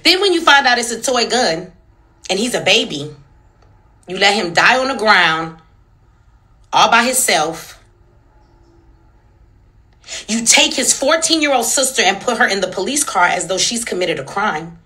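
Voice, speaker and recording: Fiery, bright-voiced woman ranting. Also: medium pitch, very animated, measured pace, long pauses. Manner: angry, profane and emphatic, with rhetorical questions. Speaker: social media commentator. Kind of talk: heated commentary rant.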